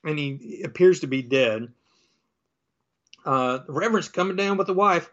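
A man chatting casually as he recaps a comic book, rambling with lots of fillers and slipping into quick character voices. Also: fairly high pitch, animated, fairly bright tone, highs cut off. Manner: rambling, filler-heavy, acts out quoted lines in different voices.

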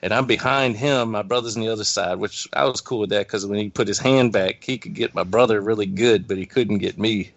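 A man's voice: fairly low pitch, brisk, gravelly, few pauses, no echo, highs cut off. A man casually telling a childhood story, swearing freely.

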